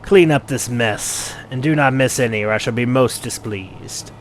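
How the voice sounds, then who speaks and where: A man's voice: mid-range voice, moderate pace, slight background noise, natural voice. A man voicing a cold, menacing male imperial commander from a game, speaking in clipped, threatening lines.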